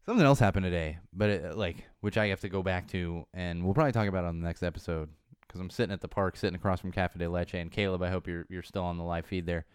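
This podcast host from Los Angeles has a low, clean voice and speaks fast, with no echo and studio-quality sound. What begins as a rambling, casual monologue ends up as an indignant rant.

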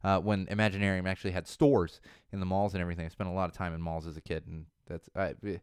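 A man's voice: sits low, little pitch movement, fast talker, clear, resonant tone, dry recording, studio quality. A man in his thirties hosting a podcast, talking casually with many fillers and restarts, his voice a little worn. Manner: rambling, lots of fillers and restarts. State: slightly losing his voice. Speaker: podcast host.

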